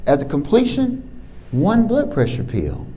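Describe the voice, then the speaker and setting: A male physician speaking to camera with a lively voice that rises and falls a great deal. His pitch sits a touch high for a man, and he chuckles and stumbles over repeated words as he tells the story. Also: measured pace, poor audio. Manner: animated, chuckles often, repeats words as he talks.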